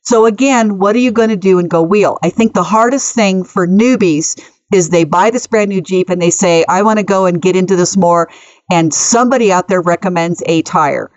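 A woman's voice: lowish voice, moderate pace, a little mellow, no room sound. A woman co-hosting a podcast, giving earnest advice in casual chat. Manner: earnest, advising, laughs easily. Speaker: podcast co-host. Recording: slightly muffled audio.

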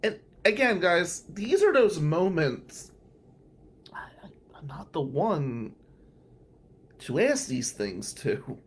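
A man from New Jersey hosting a radio talk show, telling a personal story in an animated way and laughing at his own tale. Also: on the high side, slow, long pauses, breathy edge.

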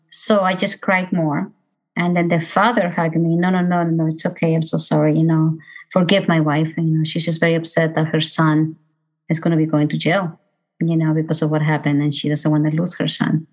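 A middle-aged woman, a bereaved mother, giving a halting, emotional personal testimony full of fillers and restarts. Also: deep voice, rough recording. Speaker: bereaved mother speaking about road safety.

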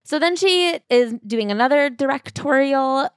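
A woman's voice: sits high, lively intonation, a little slow, no echo, studio quality. Chatty woman reviewing a memoir. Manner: chatty, lots of "like". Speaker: podcast co-host. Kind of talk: casual book-review chat.

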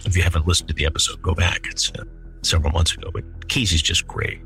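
A man's voice: deep voice, fairly even intonation, quick pace, bright, forceful tone, faint music behind. A middle-aged man hosting a true-crime podcast, reading chat logs aloud and adding incredulous, indignant commentary. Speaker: podcast host.

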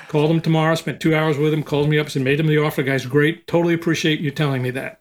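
Older man telling an animated story. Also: on the high side, racing, few pauses. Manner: animated storyteller, acts out quotes. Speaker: recruiting expert guest. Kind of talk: storytelling in a podcast interview.

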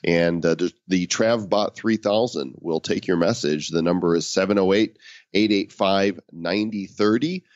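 A man co-hosting a casual podcast, talking in a relaxed, rambling way with plenty of fillers. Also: low-pitched, normal speed, dry recording, muffled recording. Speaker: podcast co-host.

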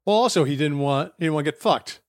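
A man co-hosting a casual podcast, chiming in with quick, amused interjections. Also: a little high. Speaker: podcast host. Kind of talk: casual chat.

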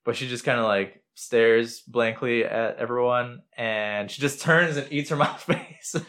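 Man, casual movie chat, frequent laughs, average pitch, acts out characters' lines. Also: a little slow, fairly bright tone, smooth. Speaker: podcast co-host.

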